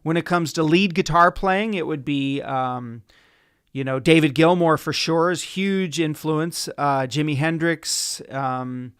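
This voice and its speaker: A man's voice: fairly high pitch, a little slow, fairly bright tone, clean tone, no echo, studio quality. A man giving a casual, rambling guitar lesson on a home livestream, chatting with viewers by name. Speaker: guitar teacher. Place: home room, dim lighting. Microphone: livestream setup. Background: guitar playing.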